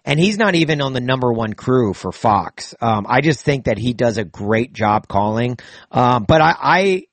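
A man's voice: medium pitch, animated, normal speed, no room sound. A man chatting casually about football broadcasts, rambling with frequent restarts and fillers. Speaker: co-host. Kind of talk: casual sports chat.

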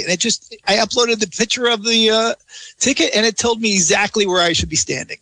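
Bright, high-voiced rambling man. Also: quick pace, dry recording. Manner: rambling, enthusiastic, frequent restarts. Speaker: travel blogger guest. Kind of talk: casual interview chat.

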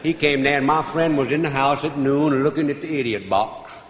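A man's voice: a little high, moderate pace. Folksy man telling a tall tale. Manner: folksy drawl, hollers the punchlines. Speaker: comedian. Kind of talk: storytelling comedy routine. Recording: echoey live recording with faint noise.

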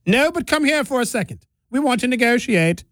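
A man putting on a haughty Mayan man who talks with a posh, royal-sounding manner in a high voice. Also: lively intonation, brisk, fairly bright tone, no room sound, studio quality.

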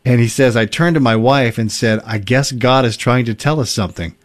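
Casual male host reading listener stories aloud, easygoing with chuckles, mid-pitched voice. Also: a little fast. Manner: relaxed storytelling with fillers and chuckles.

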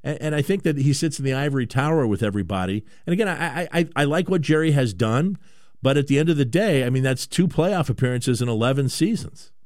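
A man's voice: mid-range voice, lively intonation, fast, a little mellow, no echo, clean studio sound. A man hosting a sports radio show, delivering an opinionated monologue full of emphatic rhetorical questions and stammered restarts.

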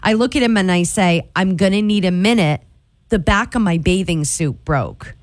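A woman's voice: on the low side, moderate pace, dry recording. A woman in her forties, a radio morning show host telling a story in a playful way and laughing often. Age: 40s. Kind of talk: casual storytelling chat.

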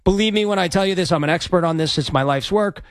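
A man's voice: high-pitched, fast talker, dry recording, studio quality. A man hosting sports talk radio, brash and rambling as he plugs an event and takes calls. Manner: brash, rambling, self-promoting. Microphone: studio microphone.

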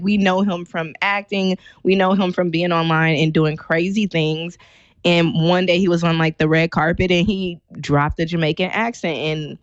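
A woman co-hosting a casual podcast chat, recapping a story in a teasing, animated way. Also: lowish voice, dry recording, highs cut off. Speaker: co-host.

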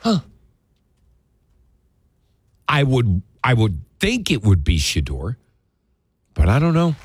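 A man's voice: medium pitch, huge pitch swings, slow pace, slightly rough, no echo. A man hosting a radio talk show, doing folksy, emphatic live-read ads and chatting about football.

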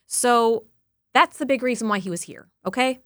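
A woman's voice: fairly high pitch, normal speed, no echo. Chatty woman reporter, dry studio sound. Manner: lively, chatty storytelling. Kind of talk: casual on-air chat.

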